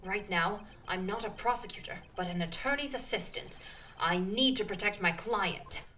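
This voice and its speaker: A woman voicing an earnest young male lawyer who doubts himself, reading game text aloud in a measured, plain voice. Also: mid-range voice, bright, forceful tone, distant mic, close to an everyday voice. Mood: earnest, worried.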